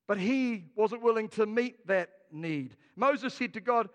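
A man's voice: sits high, measured pace, hardly any pauses, long reverb tail, dull audio. A man with a New Zealand accent preaching a sermon as a pastor, telling stories with jokes. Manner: storytelling, jokey, lively.

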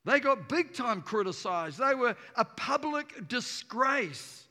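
A man preaching an energetic sermon to a congregation in a church auditorium, emphatic and playful. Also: very high voice, slow, hardly any pauses. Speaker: pastor. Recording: reverberant hall.

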